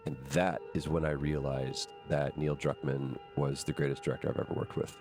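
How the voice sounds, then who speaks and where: Very deep-voiced man telling a story. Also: flat delivery, moderate pace, few pauses, over music. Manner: candid, storytelling with quoted dialogue. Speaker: actor. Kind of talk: interview anecdote.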